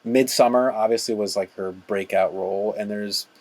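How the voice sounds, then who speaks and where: A podcast co-host in casual chat, talking with quick, agreeable enthusiasm. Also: low voice, steady tone, darkish tone, no echo.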